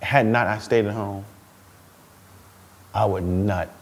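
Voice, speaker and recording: Man in his thirties, low register; casual interview guest, laughs through his stories, repeats himself. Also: slow. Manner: animated storytelling, laughs often, repeats words. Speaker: interview guest, stay-at-home dad.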